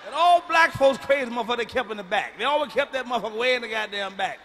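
High, bright, profane stand-up comedian. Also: male voice, expressive, very fast, a little hiss or hum. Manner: profane, blunt, and booming, with shouted punchlines. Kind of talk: stand-up routine. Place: large concert venue. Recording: live stage mic in a reverberant arena.

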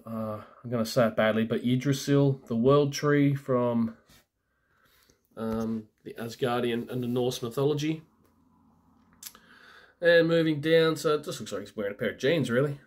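Casual male toy reviewer, average pitch, loose and rambling, phone-recorded. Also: darkish tone. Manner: loose and chatty, many fillers and restarts, keen fan. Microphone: phone camera.

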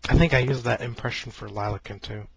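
Gravelly, husky man rambling into a close mic. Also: mid-range voice, fast, dry recording. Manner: rambling, joking, self-deprecating. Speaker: video blogger. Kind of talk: casual rambling vlog. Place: sitting at his home computer desk. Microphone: close-up mic he keeps bumping.

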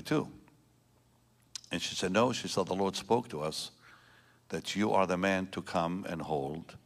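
A man in his seventies, a pastor telling a personal story in a sermon, rambling and emotional, with many restarts. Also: low-pitched. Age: 70s. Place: large church.

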